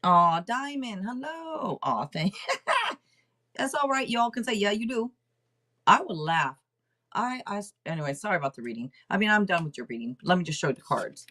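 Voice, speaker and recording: A middle-aged woman hosting a casual livestream tarot reading, rambling and chatting out loud to herself between readings. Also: medium pitch, big pitch swings, normal speed. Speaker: tarot reader and livestream host.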